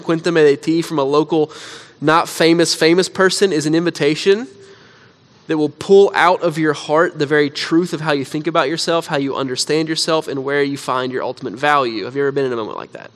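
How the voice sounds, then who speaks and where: A man's voice: fairly high pitch, a bit bright. Conversational man preaching a sermon. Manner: conversational storytelling with frequent "like". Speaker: pastor.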